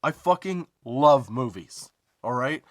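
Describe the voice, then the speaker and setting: A man hosting a comedy podcast, telling a story as a profane, emphatic rant, drawn-out emphasis and rhetorical asides like "okay?". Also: mid-range voice, expressive, no echo, studio quality. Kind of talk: comedic ranting monologue.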